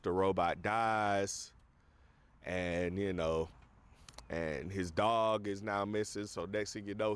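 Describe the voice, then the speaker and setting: A man's voice: lowish voice, clear, resonant tone. A man casually recapping a movie on a podcast, rambling with lots of fillers. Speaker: podcast host.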